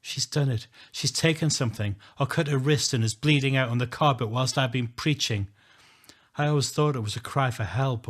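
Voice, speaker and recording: A man's voice: medium pitch, moderate pace. Man, audiobook narrator, earnest first-person telling. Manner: earnest, emotional, rising to shouting.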